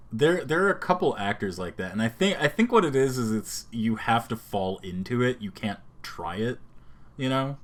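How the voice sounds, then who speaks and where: A man co-hosting a casual streamed podcast, rambling and animated, often slipping into quick voice impressions. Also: on the low side. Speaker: podcast co-host. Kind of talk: casual chat. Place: home streaming setup.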